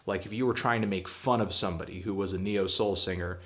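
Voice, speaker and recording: A man with a fairly low voice talks through an album review in a casual, blunt way. He hedges a lot with fillers, then pushes his words out with emphatic exasperation. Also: fairly even intonation, fast talker, a bit bright. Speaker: music critic and show host.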